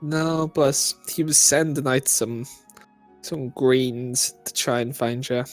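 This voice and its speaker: A man's voice: mid-range voice, steady tone, slow, soft background music. Earnest man playing his character. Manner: earnest, questioning. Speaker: player. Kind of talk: in-character play.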